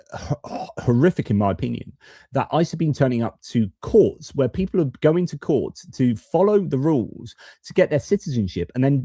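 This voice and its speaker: A man's voice: mid-range voice, dark tone, dry recording. A man commenting on news clips in a casual, hesitant way, with many fillers and restarts. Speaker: political commentator.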